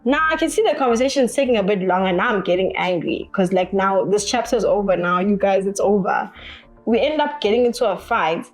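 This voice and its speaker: A woman's voice: mid-range voice, expressive, fairly quick, soft background music. A young woman tells a personal story as an interview guest, acting out the other people's lines as she goes.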